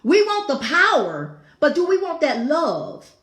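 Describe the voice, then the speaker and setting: A woman's voice: high-pitched, wildly swooping pitch, unhurried, a bit bright. A woman hosting a talk show, giving a fervent, preaching-style devotional talk with repeated phrases and exclaimed asides. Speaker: talk show host teaching scripture. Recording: echoey room.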